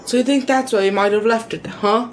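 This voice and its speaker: A woman's voice: fairly high pitch, steady tone, a little fast, slight background noise. A woman hosting a gameplay video, playful and giggly as she reads character lines aloud. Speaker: host. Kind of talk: casual gameplay commentary.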